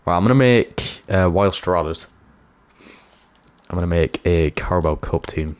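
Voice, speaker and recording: Brief: deep-voiced man, excitable gameplay commentary. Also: normal speed, clear, resonant tone. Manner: excitable, swings from cheering to groaning. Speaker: gaming YouTuber.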